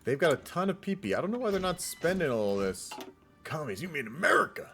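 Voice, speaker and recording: A man's voice: fairly high pitch, sing-song, a little fast, a bit bright, soft background music. Laid-back man rambling over a strategy game. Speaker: streamer casting a multiplayer strategy game. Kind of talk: casual live game commentary.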